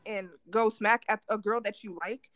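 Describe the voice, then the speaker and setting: A young woman co-hosting a podcast, telling a story in a casual, animated way and acting out what people said. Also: medium pitch, moderate pace, dry recording. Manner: animated storytelling with lots of acted-out quotes. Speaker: podcast co-host.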